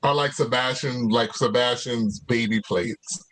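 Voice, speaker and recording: A man's voice: medium pitch, fairly even intonation, unhurried, a bit bright, poor audio. Male guest cook, laid-back and rambling, on a laptop video call from his home kitchen. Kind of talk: casual chat over video call. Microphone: laptop mic on video call.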